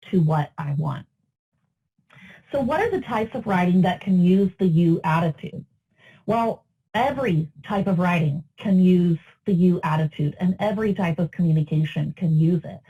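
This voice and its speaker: A woman's voice: lowish voice, slightly rough, lo-fi sound. A woman teaching a recorded webinar lecture in a conversational way, asking her audience questions as she explains. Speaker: webinar instructor.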